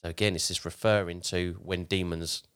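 A man's voice: low voice, fairly even intonation, fairly quick, fairly bright tone, clear, resonant tone. A man hosting a casual podcast, retelling a story with acted quotes. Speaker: podcast host.

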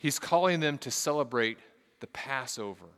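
A man delivers a sermon with a bright, resonant voice that rings clear. He reads scripture with earnest weight, then slips into casual asides. The sound carries a long reverb, as in a large church sanctuary. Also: medium pitch, expressive, moderate pace. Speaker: pastor.

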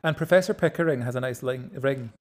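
A Scottish podcast co-host and stage actor, chatting casually, enthusiastic and quick to tease. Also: medium pitch, a little mellow. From Scotland. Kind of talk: casual chat.

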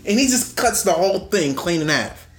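A man's voice: high voice, animated, brisk. A man co-hosting a podcast, chatting casually and eagerly explaining things. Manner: eager explainer, sets up context. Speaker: podcast co-host. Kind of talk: casual chat. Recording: roomy echo with faint music.

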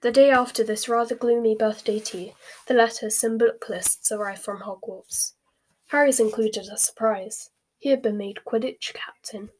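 A woman narrating a story aloud, voicing the characters with lively expression. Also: a little high, normal speed, slightly rough. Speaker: audiobook reader. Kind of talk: scripted narration with character voices.

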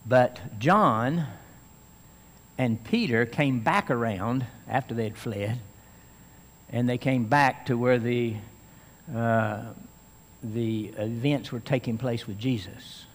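A man's voice: medium pitch, in a large hall. A man preaching a sermon as pastor, earnest and explaining Scripture, rising to strong emphasis at times.

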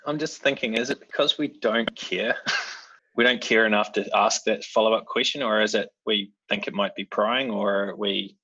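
A man's voice: lowish voice, fairly even intonation, normal speed, sharp tone, slightly rough. A man hosting a casual interview, curious and blunt, swearing casually as he asks questions. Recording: dull lo-fi sound.

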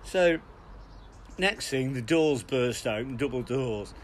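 A middle-aged man, co-hosting a podcast and telling lively, chuckling anecdotes with plenty of restarts. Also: mid-range voice, a little slow, slight background noise. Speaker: podcast co-host. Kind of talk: casual storytelling.

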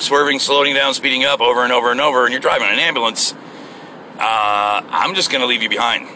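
A man's voice: mid-range voice, bright, forceful tone, slight background noise. A man rambling and swearing with lots of fillers in a casual talk from inside a moving car. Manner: rambling, profane, frequent fillers. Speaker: vlogger. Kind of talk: casual driving rant.

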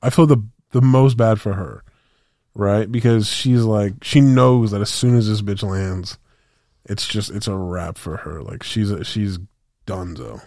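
Man, podcast co-host, casual rambling chat, slangy, fairly low voice, dead dry sound. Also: measured pace, mellow, no room sound. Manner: rambling, slangy, many fillers and restarts.

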